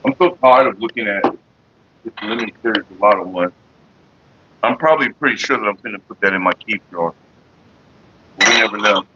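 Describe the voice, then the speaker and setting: A man's voice: on the low side, fairly quick, long pauses, muffled recording, noisy background. A man from California hosting a casual livestream, chatting loosely and profanely and greeting viewers by name. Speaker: livestream host.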